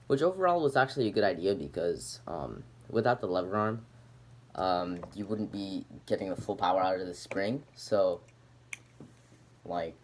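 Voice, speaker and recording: Low-voiced man rambling through a demo. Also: slight background noise. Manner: rambling, filler-heavy, lots of "um" and "like". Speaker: hobbyist demonstrating a homemade gadget. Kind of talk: casual show-and-tell video.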